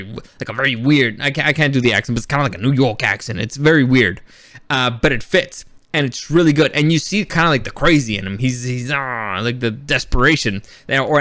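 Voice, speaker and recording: A man talking through a movie review in a loose, off-the-cuff way, restarting his sentences and swearing now and then. His voice sits at an ordinary middle pitch. The sound is close and dry, with no room around it. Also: a bit bright, dry recording. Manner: rambling, many restarts, blunt and profane. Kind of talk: casual spoken film review.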